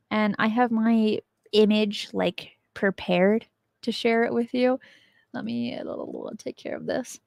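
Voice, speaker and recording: A woman with a fairly high, somewhat dark voice hosts a mysteries podcast, casually recounting a creepy legend and chuckling at her own jokes. The sound is clean studio quality without echo.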